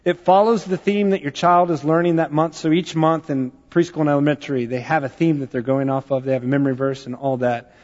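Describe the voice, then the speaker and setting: A man preaching in a church, his fairly high voice ringing with a long reverb in a big room. The sound is a little dull, as if from a modest recording. He tells stories conversationally, with plenty of fillers. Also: fairly even intonation, fairly quick, a little mellow. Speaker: pastor. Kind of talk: sermon.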